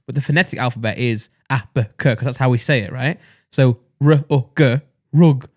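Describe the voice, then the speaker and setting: A man's voice: mid-range voice, normal speed, no echo, clean studio sound. A young man co-hosting a podcast, joking and teasing his co-host in casual banter.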